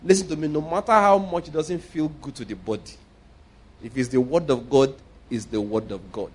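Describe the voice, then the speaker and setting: A middle-aged Nigerian man preaching a sermon, telling stories and swinging between loud emphasis and quiet asides. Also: on the high side, moderate pace, husky.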